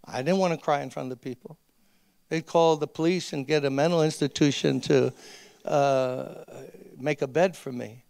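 Male pastor, conversational sermon, high voice, dry close sound. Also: fairly even intonation, moderate pace, creaky, a little mellow, no echo. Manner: earnest and conversational, with emphatic repeated appeals. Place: church, speaking to a gathering of ministers.

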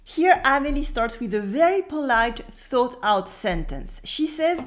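A French woman from France teaches spoken French in a scripted video lesson, fairly high in pitch. She explains calmly and slows down to demonstrate each pronunciation.

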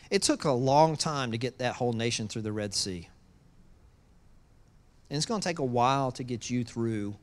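Animated preacher swinging loud to hushed. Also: mid-range voice. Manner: acts out quoted voices with humor. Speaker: pastor. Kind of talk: sermon.

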